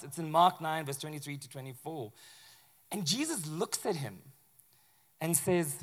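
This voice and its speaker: A man, a pastor, preaching a sermon in a conversational, animated way with acted asides. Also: fairly high pitch, normal speed.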